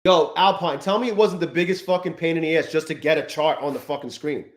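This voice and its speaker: A man's voice: a little high, fast, reverberant. A man hosting a live stream, chatting casually and profanely, rambling and greeting viewers in the chat. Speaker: livestream host.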